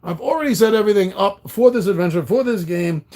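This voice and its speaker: A man's voice: high-pitched, animated, fast, dark tone. A man hosting a solo tabletop game playthrough, reading the story text dramatically with casual asides. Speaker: host.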